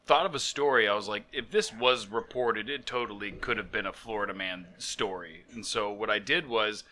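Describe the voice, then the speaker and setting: A man's voice: lowish voice, normal speed, pushed and bright. A man co-hosting a podcast in casual chat, joking and laughing as he tells stories. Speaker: podcast co-host. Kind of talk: casual chat and reading a mock news story. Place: living in Florida.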